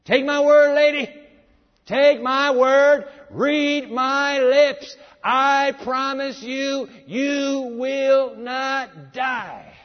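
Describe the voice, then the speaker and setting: A preacher putting on a sly, wheedling serpent. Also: male voice, very high voice, fairly even intonation, very slow, pitched above the performer's own voice, full character voice. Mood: insistent. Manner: wheedling, pushy, mock-friendly. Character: sly male serpent tempting a woman. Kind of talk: acted quote within a sermon. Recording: echoey hall, dull lo-fi sound.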